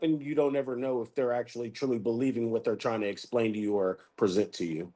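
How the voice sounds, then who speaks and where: A man's voice: mid-range voice, fairly even intonation, a little fast, dark tone. A man taking part in a class, answering hesitantly as he searches for words. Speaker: course participant.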